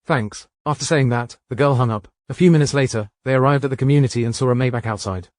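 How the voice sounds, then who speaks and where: A man narrating a translated romance story in the second person, with a brisk, even reading. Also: mid-range voice, no room sound, clean studio sound.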